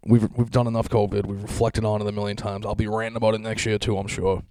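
A man's voice: on the low side, flat delivery, fast, warm tone, no room sound, clean studio sound. A young man from Massachusetts, ranting on a podcast in a crude, sarcastic, swear-heavy monologue.

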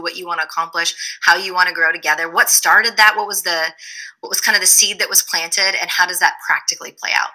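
Lady host asking open questions, super sharp bright voice. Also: on the low side, rough recording. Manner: encouraging, asks open follow-up questions. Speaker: podcast host. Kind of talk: interview questions.

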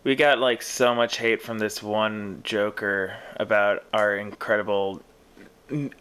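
A man's voice: on the low side, flat delivery, measured pace, fairly bright tone, clean tone. A man co-hosting a podcast, chatting with wry, grumbling jokes. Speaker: podcast co-host. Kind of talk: casual podcast chat.

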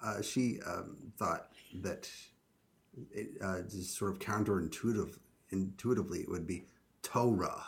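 A man's voice: low voice, moderate pace. A man co-hosting a podcast, chatting casually and often searching for words. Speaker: podcast co-host. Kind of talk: casual chat.

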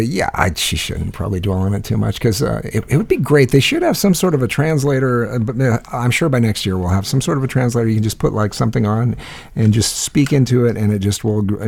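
Gravelly husky man, blunt casual chat. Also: fairly low pitch, darkish tone. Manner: blunt, profane, hesitant with many uh's.

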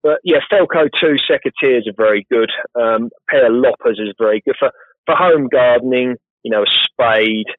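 A man's voice: mid-range voice, normal speed, no room sound. Chatty man on a tinny call line. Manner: chatty, rambling, self-deprecating. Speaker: guest, professional gardener. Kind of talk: casual interview chat. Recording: tinny phone-like line, dry.

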